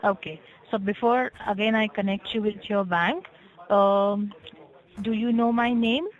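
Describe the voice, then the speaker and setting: A woman working as a scam caller posing as tech support, talking slowly and insistently on a scripted phone call and spelling out numbers one by one. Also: mid-range voice. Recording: muffled lo-fi phone line.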